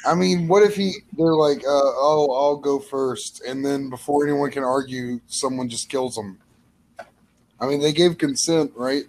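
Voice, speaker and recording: A man trading deadpan, offbeat jokes in a casual comedic chat as a podcast co-host. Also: medium pitch, normal speed, a little hiss or hum, rough recording.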